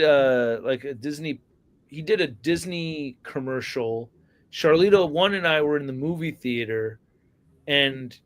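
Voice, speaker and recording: A man chatting casually on a podcast. His voice sits a bit high for a man. He rambles, laughs easily and swears a lot. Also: a bit bright. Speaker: podcast host. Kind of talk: casual chat about action figures.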